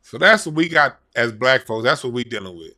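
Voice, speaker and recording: A man's voice: medium pitch, very animated, a little fast, sharp tone, soft background music. A man giving blunt, profane, rambling commentary on a casual vlog. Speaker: YouTube commentator.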